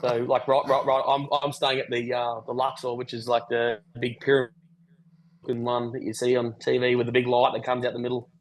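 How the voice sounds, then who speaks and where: A man's voice: medium pitch, completely flat delivery, a little fast, rough recording. A man telling a rambling travel story on a podcast call, swearing casually. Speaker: podcast guest. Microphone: video call.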